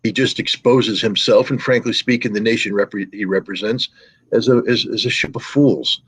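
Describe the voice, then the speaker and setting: Deep raspy guy, middle-aged, sarcastic and contemptuous, dry close mic. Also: normal speed, no room sound, rough recording. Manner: sarcastic, contemptuous, repetitive hammering phrases. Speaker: guest commentator. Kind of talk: scornful political commentary.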